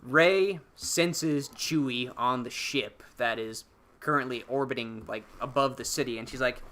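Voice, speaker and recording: A man hosting a podcast, telling a film's plot in a casual, profane, animated way and acting out the characters' lines. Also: mid-range voice, a little slow. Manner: animated, profane storytelling with acted-out character quotes. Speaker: podcast host. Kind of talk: casual spoiler-filled film recap.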